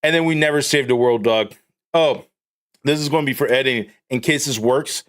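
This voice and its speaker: A man's voice: medium pitch, brisk, fairly bright tone. A man live streaming, chatting casually in a rambling, profane, joking way.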